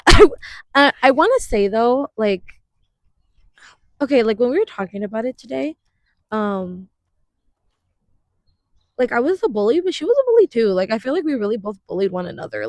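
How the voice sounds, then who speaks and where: Chatty young woman podcaster, higher voice. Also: no room sound. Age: 20s. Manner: chatty, laughs often, uses many fillers. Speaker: podcast co-host. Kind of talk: casual chat.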